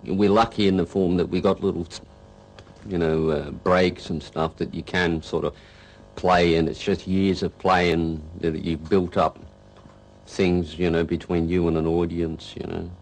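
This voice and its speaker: Very low, gravelly rambling man. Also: level tone, poor audio. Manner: rambling and halting, full of "you know". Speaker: rock guitarist. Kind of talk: casual interview reminiscence.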